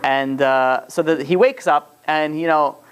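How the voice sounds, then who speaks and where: A man's voice: a little high, a little slow, smooth. A man teaching a religious lesson in a casual, rambling storytelling way, full of fillers and restarts. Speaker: Torah teacher.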